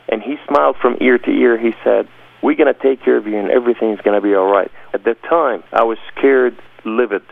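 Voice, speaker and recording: A man with a creaky, medium-pitched voice delivers an emphatic, dramatic account of his personal testimony as a guest in an interview. The recording is dry and lo-fi, with a phone-like sound.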